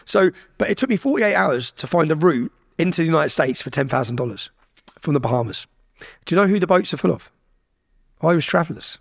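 An English man appears as a podcast guest, casually telling a story with heavy swearing and animated, quoted dialogue. His voice is fairly high, brisk and creaky.

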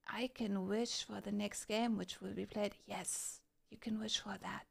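A young woman streaming a game, chatting casually with her viewers and breaking into excited shouts. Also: medium pitch, measured pace, creaky, few pauses, slightly rough. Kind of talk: casual live-stream chat.

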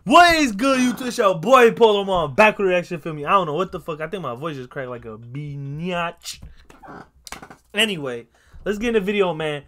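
Hyped young guy doing a reaction vid, high bright voice, swings all over, slangy and cussing. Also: normal speed, slight background noise. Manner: excitable, swears a lot, loud outbursts and laughs; slangy, repeats catchphrases. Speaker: YouTube reaction host. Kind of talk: casual basketball reaction commentary.

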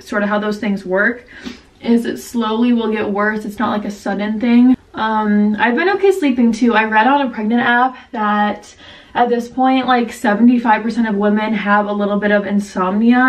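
A woman's voice: mid-range voice, recorded from a distance, poor audio. Breathless pregnant young woman vlogging. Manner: chatty, filler-heavy, laughs often. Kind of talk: casual vlog chat.

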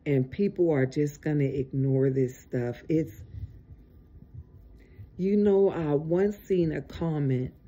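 Weary, husky-voiced preacher, slow and dark. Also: mid-range voice, lo-fi sound. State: tired, exasperated. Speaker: online preacher. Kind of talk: informal video sermon.

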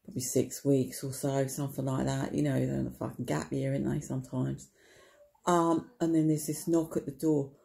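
Here a gravelly, dark, low-voiced woman talks a little fast and on a level tone as she spins a rambling, wry story to camera for her vlog. Chatty throughout, she swears casually, leans on tag questions, and says her punchlines more than once.

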